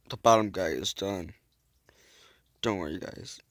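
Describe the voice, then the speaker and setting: A man's voice: low-pitched, unhurried, pauses often. A man giving casual, goofy, rambling commentary while playing a game, joking about himself and making silly sound effects. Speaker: gameplay video host. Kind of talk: casual let's-play commentary.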